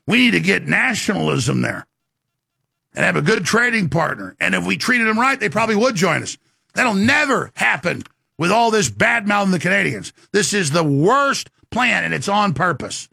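A man hosting a talk show, delivering an emphatic rant and sales pitch with sudden swings in pitch. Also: sing-song, normal speed, creaky, sharp tone, slightly rough, no echo, studio quality.

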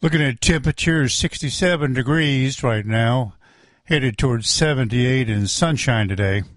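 Steady male radio weather announcer. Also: mid-range voice, no echo. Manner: steady, measured delivery. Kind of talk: weather forecast reading.

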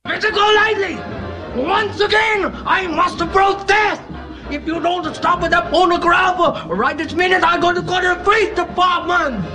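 A man's voice: a little slow, music in the background. An actor playing a fussy, indignant male landlord in an old film, with a strained and exaggerated voice. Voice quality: high, strained, exaggerated put-on accent. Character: shrill, fussy male landlord protesting loudly. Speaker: film character in a played clip.

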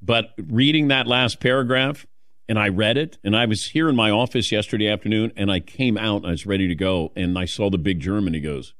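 A man's voice: lowish voice, brisk, fairly bright tone, dry recording, studio quality. A male radio host in casual on-air talk, rambling with many fillers and restarts.

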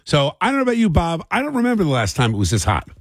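Male talk radio host, animated and emphatic, slightly husky, dry studio sound. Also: fairly high pitch, very fast, no room sound. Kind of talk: casual radio call-in chat. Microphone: studio microphone.

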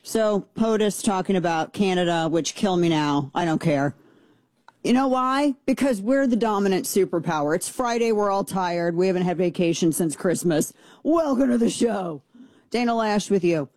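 A woman's voice: on the low side, normal speed, hardly any pauses, a little mellow, no echo. A woman hosting a talk radio show, giving a blunt, sarcastic and indignant opinion monologue into a studio microphone.

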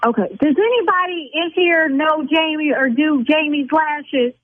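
A woman who owns a beauty salon, arguing with a caller over the phone, indignant and blunt and quick to flare up. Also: high voice, no echo. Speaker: salon owner on a phone call. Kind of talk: heated phone argument. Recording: tinny phone line.

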